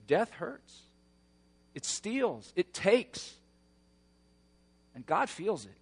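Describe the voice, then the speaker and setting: A man preaching a sermon, moving between hushed, slow passages and loud, roaring emphasis. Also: sits high, sing-song, vocal fry, breathy edge, big-room sound. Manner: dynamic preaching, swings from hushed to shouting. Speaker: pastor.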